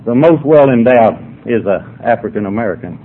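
A man's voice: medium pitch, lively intonation, a little fast, natural voice. A man voicing a chatty woman lecturer. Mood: matter-of-fact. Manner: matter-of-fact, mildly flustered. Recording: tinny phone-like recording, faint noise.

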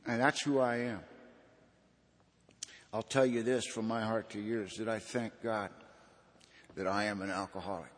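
A man's voice: lowish voice, fairly even intonation, measured pace, long pauses. Man, recovery meeting speaker, folksy, earnest, long hall reverb. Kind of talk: personal testimony talk.

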